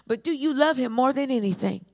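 A woman preacher delivering an impassioned sermon, building repeated phrases up toward shouting. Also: sits high, expressive, brisk.

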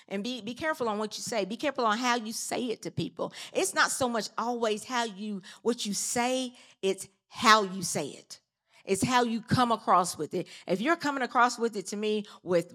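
A woman's voice: mid-range voice, fairly bright tone. Middle-aged woman, casual sermon delivery, rhetorical and folksy. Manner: conversational, laughs often, asks rhetorical questions. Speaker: preacher. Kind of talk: informal sermon.

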